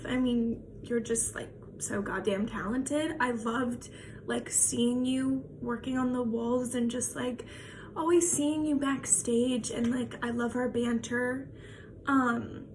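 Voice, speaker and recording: Gushing young woman, noisy background. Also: on the high side. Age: young adult. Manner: gushing, many fillers. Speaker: acting student. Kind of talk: recorded farewell message.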